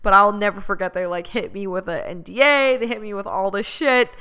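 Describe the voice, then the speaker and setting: A woman's voice: medium pitch, steady tone, a little fast, pushed and bright, clear, resonant tone. A woman podcast host telling a personal story to her listeners, blunt and profane, slipping into rants.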